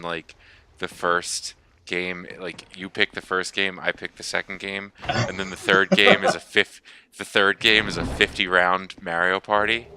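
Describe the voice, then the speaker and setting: A man with a lowish voice chats casually about a game, rambling and breaking into chuckles. His voice comes over a noisy voice-chat recording with hiss behind it. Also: bright, forceful tone. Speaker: podcast guest.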